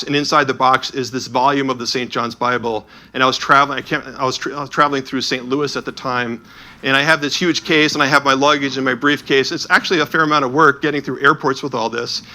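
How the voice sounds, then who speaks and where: A man's voice: medium pitch, steady tone, brisk, sharp tone. A man presenting images from an illuminated Bible and telling stories about them. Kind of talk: storytelling talk with slides.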